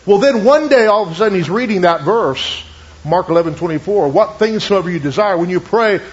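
A man preaching a sermon, retelling a testimony with many asides and quoting it in slow, lowered tones. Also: expressive, breathy edge. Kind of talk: sermon storytelling. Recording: dull lo-fi recording.

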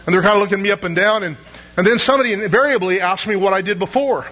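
A man's voice: high voice, rapid-fire, bright, forceful tone, muffled recording. A middle-aged man preaching a sermon in a conversational, storytelling way, asking the audience rhetorical questions.

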